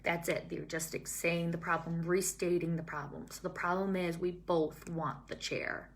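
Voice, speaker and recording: A young woman with a lowish voice explains things to fellow teachers one step at a time. She talks in a calm, steady way. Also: moderate pace, slight background noise. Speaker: early childhood teacher. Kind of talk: scripted-feeling teaching talk to staff.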